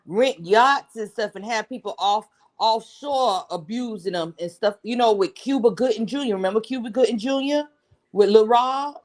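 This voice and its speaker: A woman in casual chat who rambles and fills pauses with um. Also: a little high. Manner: rambling, full of fillers.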